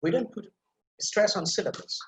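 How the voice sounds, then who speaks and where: A man's voice: high voice, animated, a bit bright, reverberant, low-quality recording. Bangladeshi man teaching pronunciation. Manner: repeats words slowly for drill, explanatory. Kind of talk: online lecture over slides.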